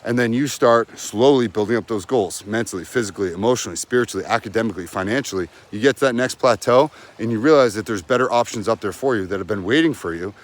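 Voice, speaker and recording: A man's voice: fairly low pitch, quick pace, few pauses. A man giving blunt, profane, emphatic breakup advice as a coach in a vlog. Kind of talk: direct-to-camera advice vlog.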